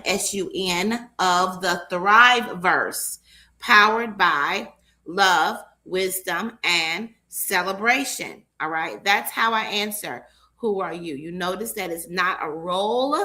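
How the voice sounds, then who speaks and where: Slow, bright-voiced woman coach. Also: lowish voice. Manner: slow, emphatic and encouraging. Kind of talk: live coaching session.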